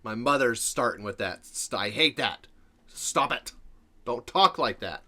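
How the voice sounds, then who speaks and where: A man's voice: medium pitch, expressive, measured pace, pushed and bright. A middle-aged man hosting a reaction video, talking earnestly about family. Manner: earnest, heartfelt ranting. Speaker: reaction channel host. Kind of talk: casual reaction commentary.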